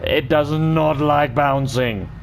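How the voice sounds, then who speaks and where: A man giving excited commentary while he drives laps in a racing game, exclaiming and repeating himself. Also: on the high side, takes it slowly, slight background noise. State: talking while driving laps.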